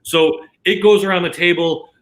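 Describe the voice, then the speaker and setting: A man's voice: high-pitched, fairly even intonation, normal speed, fairly bright tone, poor audio. A man from Canada who works as a casino dealer, telling a long anecdote in casual chat, full of restarts and quoted dialogue. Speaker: casino dealer, podcast guest.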